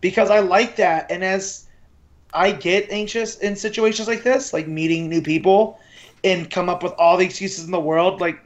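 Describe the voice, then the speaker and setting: A man's voice: high voice, steady tone, dull audio. A man co-hosting a casual comic book podcast, agreeable and chatty. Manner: agreeable, lots of quick "yeah" replies. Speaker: podcast co-host.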